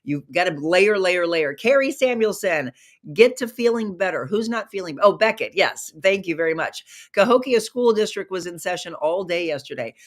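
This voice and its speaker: A middle-aged woman hosting a live online talk show, chatty and upbeat, greeting viewers by name and reading their comments, her voice a little hoarse from a recent virus. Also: fairly low pitch, expressive, moderate pace.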